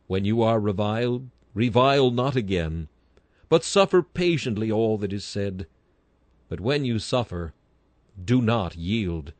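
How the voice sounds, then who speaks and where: A man with a low voice preaches an old-style sermon in earnest, formal oratory. He swells with sudden emphasis on the key phrases, then drops back down. The sound is dry and close, with no room around it. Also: a little mellow, dry recording. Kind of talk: sermon reading.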